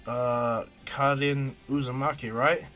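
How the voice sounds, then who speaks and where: A man voicing a brash, cheerful young male ninja hero, excitable and upbeat. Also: mid-range voice, slow pace, faint music behind. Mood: eager.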